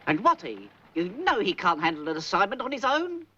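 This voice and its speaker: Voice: mid-range voice, sing-song, fairly quick, sharp tone, slightly rough, full character voice. A performer in a 1970s film comedy playing a fussy, gossipy elderly mother who poses as a psychic, rambling and theatrical. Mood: fussing. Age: older. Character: nagging, overbearing elderly mother posing as a psychic. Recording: dull old film soundtrack with faint hiss.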